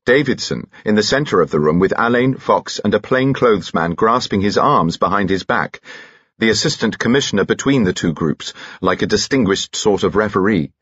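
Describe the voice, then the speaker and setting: A man reads a mystery novel in a measured, expressive manner. His voice sits low and carries a slight husk. The sound is dry and close, a little dull in the highs. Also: husky, dry recording. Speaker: audiobook narrator. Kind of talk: scripted narration with character voices.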